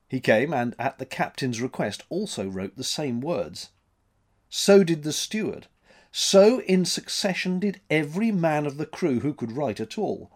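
A man reading a story aloud as narrator, in an expressive, dramatic manner. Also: fairly high pitch, normal speed.

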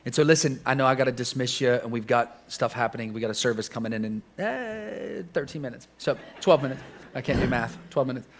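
A man's voice: medium pitch, steady tone, fast talker, hardly any pauses, slight background noise. A male pastor wraps up the service, encouraging the congregation and inviting people forward for prayer. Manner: affirming, encouraging. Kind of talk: closing a church service.

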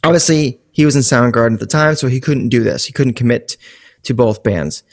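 A man's voice: medium pitch, a little fast. A man co-hosting a music podcast, chatting casually with jokey asides and rambling tangents. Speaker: podcast co-host.

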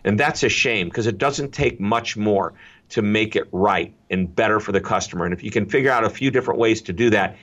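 A middle-aged man with a low voice speaks as a guest on a business interview. He tells stories with energy and leans on repeated catchphrases to drive his points home. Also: fairly quick, dull audio. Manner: energetic, anecdotal, repeats key phrases. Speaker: guest speaker on customer service. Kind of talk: interview storytelling.

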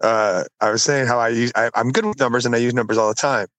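Guy telling a story fast on a podcast, laughing as he goes, dead dry mic. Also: mid-range voice, fairly even intonation, fairly bright tone, dry recording, poor audio. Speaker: podcast co-host. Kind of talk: casual chat.

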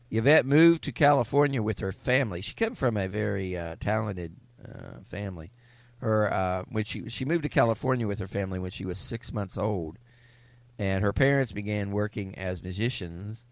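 Picture a man with a fairly low voice co-hosting a loose comedy podcast. He reads biography notes aloud and trips over filler pauses as he goes. His voice sounds dry and close to the mic, with no room around it. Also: dry recording. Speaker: podcast co-host. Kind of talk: casual comedic podcast chat, reading a biography.

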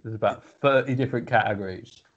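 A man's voice: mid-range voice, fast. A man co-hosting a podcast, joking and laughing, often stammering and restarting his sentences. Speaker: podcast co-host. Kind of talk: casual chat. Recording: dull lo-fi podcast audio.

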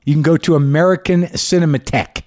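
A man from New Mexico hosting a show, talking in a candid, rambling way with halting restarts and a grieving, reflective tone. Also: a little high, steady tone, a little mellow, dry recording, studio quality. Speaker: podcast host. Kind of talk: casual monologue.

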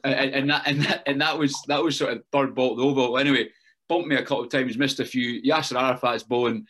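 A man's voice: mid-range voice, steady tone, fast talker, fairly bright tone. A man with a Scottish Borders accent chatting casually on a podcast, rambling through stories full of fillers and repeats. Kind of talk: casual chat.

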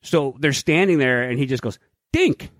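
A man co-hosting a casual podcast, telling stories in an animated, profane way. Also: mid-range voice, brisk, no echo, studio quality.

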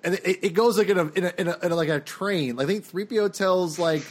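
A man with a slightly raised pitch talks through his film opinions in a loose, casual way. He rambles and restarts often, circling back over the same points. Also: fast. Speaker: podcast co-host. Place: home, dog heard drinking behind him.

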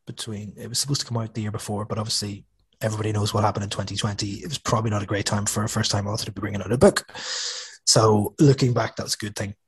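A man's voice: fairly low pitch, steady tone, quick pace, husky. A man, an author talking casually as an interview guest, chatty and self-deprecating with lots of restarts. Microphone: studio podcast microphone.

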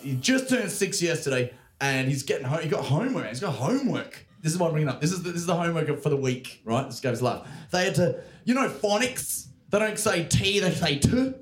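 A man's voice: fairly high pitch, very animated, a little fast, hardly any pauses. A man telling a funny anecdote on a podcast, swearing casually as he tells it. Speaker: podcast co-host, comedian. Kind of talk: comic storytelling. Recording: roomy echo.

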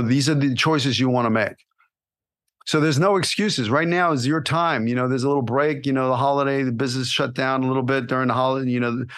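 Guy coaching actors on his podcast, pumped up, keeps saying right? and you know, mid-pitch voice. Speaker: podcast host and acting coach. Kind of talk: motivational podcast monologue.

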